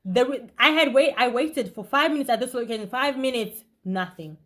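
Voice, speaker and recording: A young woman vlogger telling a story in a casual, animated way, talking fast with bursts of emphasis. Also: a little high.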